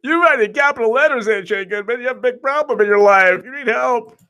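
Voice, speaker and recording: A man putting on a shrill, whiny valley-girl woman's voice in a high falsetto to mock her. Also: fast talker, bright, forceful tone, exaggerated voice.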